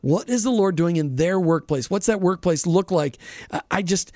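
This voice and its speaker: A man's voice: high voice, expressive, normal speed, darkish tone, no room sound, clean studio sound. A man hosting a faith-based radio talk show, chatting casually and enthusiastically with frequent restarts. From Florida. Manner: enthusiastic, folksy, restarts often.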